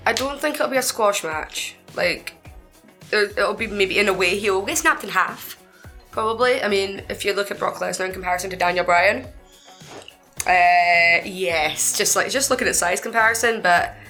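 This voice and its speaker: Woman, bright tone, chatty, casual chat, faint music behind. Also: mid-range voice. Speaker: podcast co-host.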